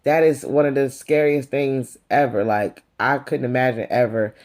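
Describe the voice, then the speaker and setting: A woman's voice: very deep voice, normal speed. A woman casually reviewing a reality TV episode, sassy and opinionated, calling people out directly as she goes. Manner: sassy, opinionated gossip commentary; animated, calls out people directly. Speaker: reality TV recap vlogger.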